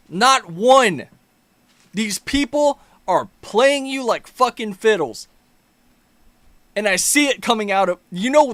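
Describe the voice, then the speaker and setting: Angry, high-voiced man ranting with profanity. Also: fairly bright tone, no echo. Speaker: commentary channel host. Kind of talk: ranting political commentary.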